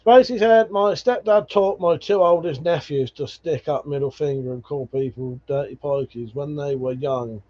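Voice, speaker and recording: In dull, lo-fi stream audio, a man with a slightly high voice hosts a casual livestream, reading comments and telling rambling stories peppered with swearing and laughter. He keeps a moderate pace and hardly pauses at all.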